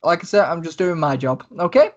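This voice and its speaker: A man's voice: on the high side, expressive, brisk, highs cut off, lightly acted. A man voicing an effusive, affectionate male ship captain in a tabletop game. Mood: brisk. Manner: gushing, warm-hearted, bossy with haste.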